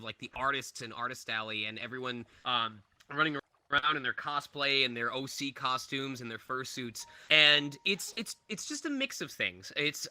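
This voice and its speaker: A man's voice: medium pitch, sharp tone, dry recording. A man in his thirties, a voice actor, answering fan questions at a convention in a chatty way, laughing often. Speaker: voice actor guest.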